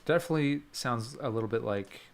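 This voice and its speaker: Slight background noise accompanies a young man producing music live. His voice is mid-range and brisk as he muses and second-guesses his decisions in casual stream commentary.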